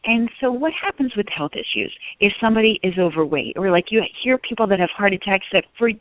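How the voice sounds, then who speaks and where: A woman's voice: medium pitch, animated, fast, no room sound. Woman host asking questions over a phone line. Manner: rambling, enthusiastic questions. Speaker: podcast host. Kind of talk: interview questions. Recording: phone-like dry remote line.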